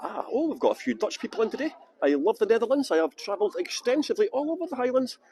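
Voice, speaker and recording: A man's voice: extremely high pitch, very animated, fast talker, a little mellow, rough recording. Scottish guy doing a live walking tour outside, joking around, voice bouncing all over. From Scotland. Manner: chatty, jokey, greets viewers by name. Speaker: tour guide.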